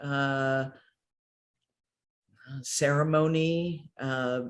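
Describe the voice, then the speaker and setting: A woman's voice: extremely low pitch, fairly even intonation, drawn-out words. A woman hosting and moderating a conversation over a video call. She speaks thoughtfully, with many fillers. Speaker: host, moderator. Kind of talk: casual conversation.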